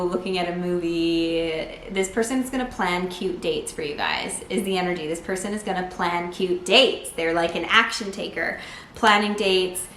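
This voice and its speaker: A woman giving a casual tarot reading to camera, chatty and full of "like", breaking into excited bursts now and then. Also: lowish voice, slight background noise. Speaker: tarot reader. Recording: echoey room.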